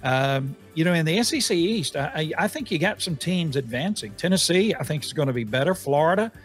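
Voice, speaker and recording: Halting man hosting a sports talk show. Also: a little high, animated, soft background music. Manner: halting, many fillers and restarts.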